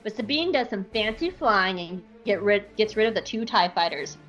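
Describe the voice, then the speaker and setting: A young woman hosting a podcast, recapping a TV episode in a casual, animated way full of likes. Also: medium pitch, normal speed, lo-fi sound, faint music behind. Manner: animated, bubbly, lots of likes. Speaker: podcast host.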